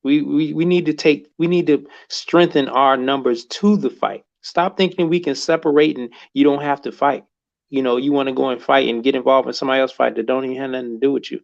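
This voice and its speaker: An earnest man rallies his listeners on a livestream, his voice gravelly with a mid-range pitch. The sound comes through a dull, muffled lo-fi connection. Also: steady tone, brisk. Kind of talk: livestream talk.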